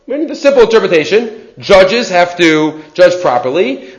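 High-voiced man teaching a Torah class. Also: sing-song, moderate pace, few pauses, a little hiss or hum. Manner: mixes in Hebrew terms, often asks "right?".

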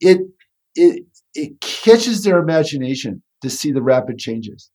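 Man, conversational guest, husky, slightly raised pitch, thoughtful with restarts. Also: very animated, unhurried, warm tone. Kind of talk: conversational explanation.

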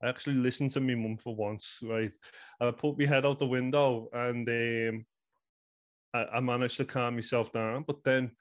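A man's voice: mid-range voice, little pitch movement, moderate pace. A man in his thirties with a Liverpool accent, earnestly telling a personal story in a rambling way, full of "you know" fillers. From England. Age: 30s. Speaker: guest.

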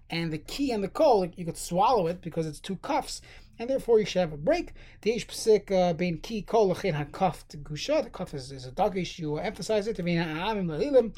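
A man teaching a study class on Jewish law. He reads Hebrew lines aloud, then explains each one in English, with the steady, patient delivery of a regular lesson and the odd filler or restart. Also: high voice. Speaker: Torah teacher.

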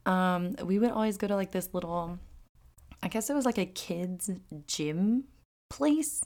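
A woman's voice: mid-range voice, a little slow, a little mellow. A woman hosting a solo podcast in casual chat, rambling and giggling often, with self-deprecating humor. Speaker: podcast host.

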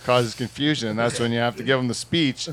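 A man's voice: medium pitch, steady tone, quick pace, a crowd in the background. A Canadian man hosting a casual talk show in a bar, telling rambling jokey stories with lots of fillers. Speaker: podcast host. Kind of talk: casual chat. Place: bar with a small studio audience.

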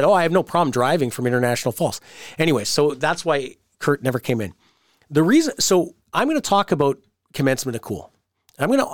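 A man hosting a wrestling podcast, telling stories in a casual, animated way and jumping into the voices of the people he quotes. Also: mid-range voice, dry recording, clean studio sound. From Canada. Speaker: podcast host, wrestling promoter. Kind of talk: casual storytelling chat.

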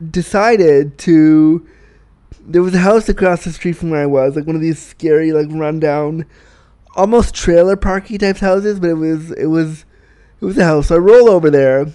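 Canadian man hosting a podcast, crude self-mocking storyteller, smooth warm tone. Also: fairly high pitch. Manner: profane, self-mocking, laughs at own jokes. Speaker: podcast host. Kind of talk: candid storytelling monologue.

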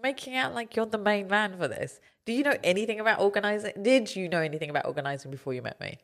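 A woman's voice: medium pitch, fast. A British woman, an organizing expert, chatting playfully and bantering with mock indignation. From Britain. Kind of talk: casual chat.

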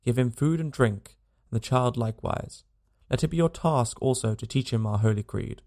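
A man's voice: mid-range voice, normal speed, darkish tone, close to an everyday voice. A man voicing a stern male leader around thirty who speaks in grave, commanding tones.

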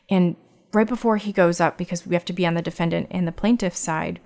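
Low-voiced woman telling a personal story. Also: steady tone, darkish tone. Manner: halting, restarts and repeats words; reflective, candid.

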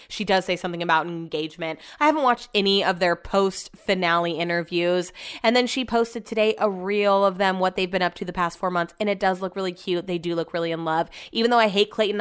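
A woman's voice: fairly low pitch, fairly quick, hardly any pauses, clear, resonant tone. A woman hosting a podcast, recapping a reality show in casual chat, blunt and sarcastic, swearing freely. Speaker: podcast host.

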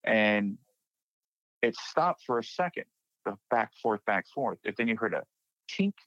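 A young man from Texas, with a somewhat low voice, tells a spooky personal story in a relaxed way, now and then jumping up high to act out his scared friends. The sound is dry and close, with a dull, slightly lo-fi tone. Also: unhurried, no echo. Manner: animated retelling, acting out friends' panicked quotes. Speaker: guest sharing a personal paranormal story. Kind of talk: casual spoken storytelling. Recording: dry, dull lo-fi podcast mic.

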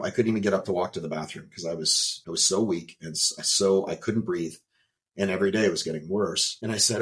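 A man, a podcast guest, telling a personal story in an emphatic, animated way, with some swearing. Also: deep voice. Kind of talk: storytelling in an interview.

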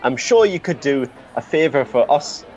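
A man's voice: medium pitch, expressive, normal speed, a little mellow, muffled recording, soft background music, close to an everyday voice. A man playing a flowery, courteous adventurer. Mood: pleading. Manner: florid, courteous pleading. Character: flowery, overly polite adventurer.

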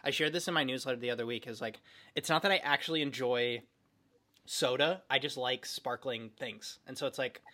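A man's voice: medium pitch, brisk, bright, forceful tone. A man hosting a podcast in casual chat, rambling and filling his talk with "like". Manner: rambling, heavy use of "like". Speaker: podcast host.

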